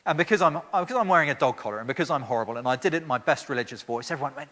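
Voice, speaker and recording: A man's voice: a little high, sing-song, very fast, hardly any pauses, a bit bright. A man preaching a sermon with emphatic rhetorical questions and frequent restarts. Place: church hall. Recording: long church reverb.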